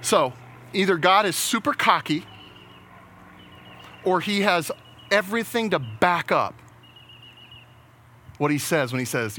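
A man's voice: high-pitched, animated, a little slow, long pauses, sharp tone, a little hiss or hum. A man preaching a sermon in a casual, conversational way, often restarting his words and laughing at his own jokes. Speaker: pastor.

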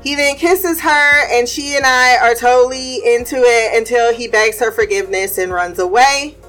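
A woman's voice: fairly high pitch, moderate pace, a bit bright, soft background music. A woman hosting a casual TV recap, blunt and profane, laughing often as she reviews an episode. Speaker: TV recap podcast host.

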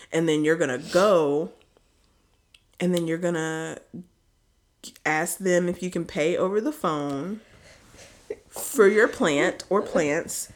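A woman's voice: fairly low pitch, slow pace, long pauses. A woman co-hosting a podcast in joking, playful casual chat, swearing and laughing often. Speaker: podcast co-host.

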